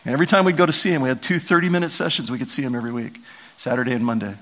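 A middle-aged man preaching a sermon, telling stories with animated, dramatic emphasis. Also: mid-range voice, very fast. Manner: animated, storytelling, lively emphasis and dramatic vocal swings. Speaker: pastor.

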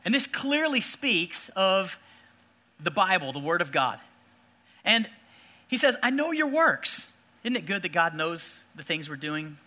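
Man preaching, high and very bright voice, animated storyteller; pastor delivering a sermon. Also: unhurried, long pauses. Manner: animated, acts out shouting figures in his stories.

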